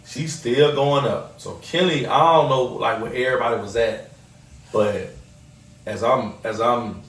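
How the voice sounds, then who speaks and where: Male podcast host, an animated storyteller, recorded off-mic in an echoey room. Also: lowish voice. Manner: animated storyteller, acts out quoted voices. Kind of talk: casual storytelling. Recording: roomy echo, mic at a distance.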